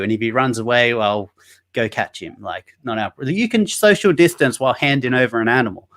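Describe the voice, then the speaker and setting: A man's voice: mid-range voice, a little fast, fairly bright tone. A man with a nasal Australian accent, chatting as a guest in a casual interview, joking and rambling with many fillers and restarts. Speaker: guest, online activist. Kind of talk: casual interview over a video call. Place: Sydney.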